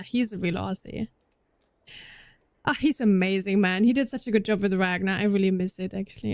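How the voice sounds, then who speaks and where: With a medium-pitched, slightly mellow voice in studio-quality sound lacking room noise, this young German woman chats casually with her stream's viewers while gaming. Her accent has a slight Scandinavian tinge, and she rambles, frequently restarting sentences.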